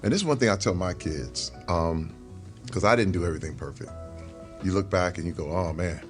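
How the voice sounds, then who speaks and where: Soft music plays behind a middle-aged man whose low voice moves briskly. As an interview guest sharing a meal, he talks in a casual, earnest, reflective way and laughs lightly from time to time.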